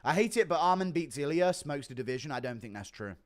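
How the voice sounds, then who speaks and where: A man's voice: fairly high pitch, expressive, quick pace. A young man hosting a live stream, reading donations and joking crudely between laughs. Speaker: streamer host.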